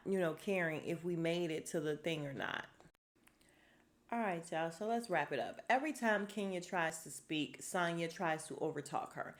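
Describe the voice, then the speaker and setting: A woman with a lowish voice talks casually into a home podcast mic. Her delivery is sassy and animated, full of quick quoted asides. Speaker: podcast host recapping a reality show. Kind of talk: casual chat.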